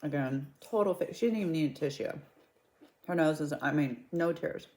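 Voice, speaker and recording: Low-voiced woman chatting, telling a story. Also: normal speed. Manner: chatty, gossipy, animated retelling. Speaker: mukbang vlogger. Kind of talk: casual storytelling.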